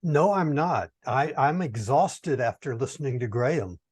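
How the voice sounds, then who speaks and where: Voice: medium pitch, expressive, unhurried, a little mellow, breathy edge. A speaker giving a joking improvised speech on a video call, with exasperated asides. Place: online video meeting. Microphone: computer mic on a video call.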